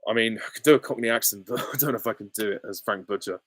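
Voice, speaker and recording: A man's voice: fairly low pitch, very fast, fairly bright tone, no room sound, studio quality. A young adult man hosting a casual live Q&A, reading out chat questions and giving short, offhand, easygoing answers. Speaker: channel host.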